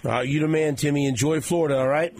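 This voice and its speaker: A man's voice: a little high, fairly even intonation, quick pace, darkish tone, slight background noise. A man hosting a sports talk radio show, wrapping up with jokey banter. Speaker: host.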